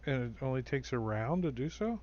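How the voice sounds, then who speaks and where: A man's voice: mid-range voice, very animated, fairly quick, darkish tone, highs cut off, slight background noise. A man running a tabletop role-playing game as dungeon master, musing aloud and laughing often.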